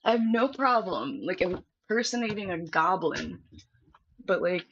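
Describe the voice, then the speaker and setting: A woman's voice: fairly low pitch, expressive, measured pace, dry recording. Chatty young woman on dull stream audio. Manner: chatty and candid, talking straight to viewers. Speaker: live streamer. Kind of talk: casual live-stream chat.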